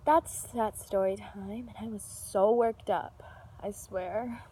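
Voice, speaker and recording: A woman's voice: mid-range voice, takes it slowly, husky. A young woman telling a casual storytime vlog, rambling with fillers and restarts, swearing freely. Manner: animated, yells when reenacting an argument.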